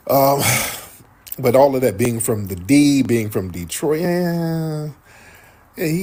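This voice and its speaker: A man's voice: mid-range voice, dark tone, husky. A man hosting a show, telling a story in casual commentary and acting out what others said. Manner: storytelling, acts out others' quotes. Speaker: show host reading viewer comments.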